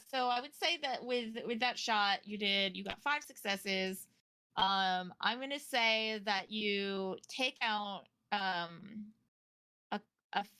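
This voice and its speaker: A woman game master narrates a tabletop game in a casual, loose way. Her tone is bright. The recording is dry and close. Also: medium pitch, smooth, no echo. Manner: casual, loose with fillers and restarts.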